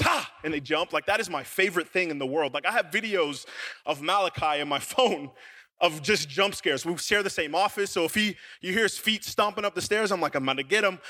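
A young male youth pastor with a high, bright voice delivers his sermon as a loose, joking story. He tells it with plenty of filler words and an animated, conversational energy.

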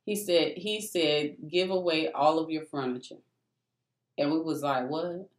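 A woman's voice: low-pitched, unhurried. A woman telling a personal faith testimony in a casual, emphatic storytelling manner, often calling out to her listeners. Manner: animated, emphatic, addresses listeners as "y'all". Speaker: testimony speaker. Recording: echoey room.

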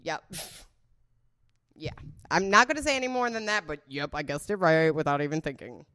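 Woman guest, slightly low-pitched, loose and blunt, rambles and swears as she guesses. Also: normal speed, sharp tone. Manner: blunt, rambling, swears freely, laughs often. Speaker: guest guessing celebrity scandals. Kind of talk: casual unscripted chat.

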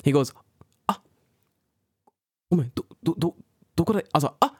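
A young man from the UK, co-hosting a casual podcast chat, telling stories in an animated, slangy way and acting out the people he quotes. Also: moderate pace, breathy edge, no echo, studio quality. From United Kingdom. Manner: animated storytelling, acts out quoted people with big pitch jumps; swears freely, slangy. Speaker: podcast co-host.

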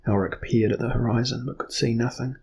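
A man narrating a fantasy novel as an audiobook in a measured, even storytelling manner. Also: medium pitch, gravelly, husky.

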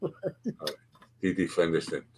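Low-voiced joking man host. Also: huge pitch swings, slow pace, a little mellow, husky. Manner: rambling, joking, crude. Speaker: podcast host. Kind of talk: casual chat.

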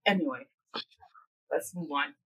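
A woman's voice: low-pitched, a little slow, pushed and bright, husky, low-quality recording. A woman co-hosting a casual podcast chat, exasperated and swearing. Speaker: podcast co-host.

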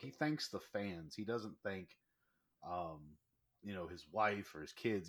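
Bright-voiced man telling animated stories. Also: sits low. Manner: animated, lively anecdote-telling. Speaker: professional wrestler guest. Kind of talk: casual storytelling.

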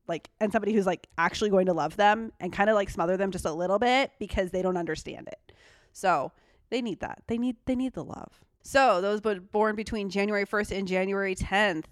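A woman's voice: mid-range voice, animated, a little fast, no room sound, clean studio sound. A woman co-hosting a podcast, reading horoscope traits aloud with blunt, sarcastic, swearing asides. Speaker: podcast co-host.

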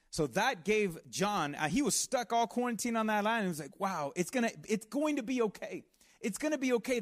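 A man preaching a sermon in a conversational, earnest way, with asides and restarts. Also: high-pitched. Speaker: pastor.

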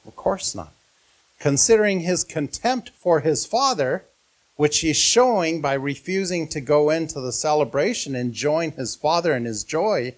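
A man preaching a sermon as pastor, earnest and often putting questions to his listeners. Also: a little high.

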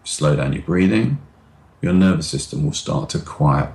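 A middle-aged man talking as a guest expert in an interview over a video call, explaining ideas and sometimes slowing down on purpose. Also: very deep voice, lively intonation, a little mellow. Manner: demonstrative, acts out anxious voices and slows down on purpose.

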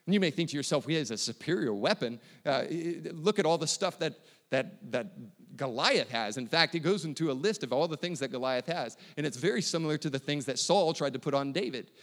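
A man's voice: on the high side, expressive, a little fast, fairly bright tone. Man preaching in a reverberant church. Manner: storytelling, acts out biblical dialogue casually. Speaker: pastor. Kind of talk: sermon. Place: church sanctuary.

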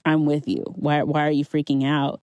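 A woman quoting a calm, exasperated man. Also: low voice, moderate pace, no room sound, lo-fi sound, close to an everyday voice. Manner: casual, modern slang.

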